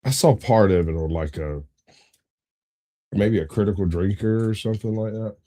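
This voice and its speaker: A man's voice: fairly low pitch, normal speed, dark tone. A man co-hosting a podcast in casual chat, joking and teasing with crude humor. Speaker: podcast co-host.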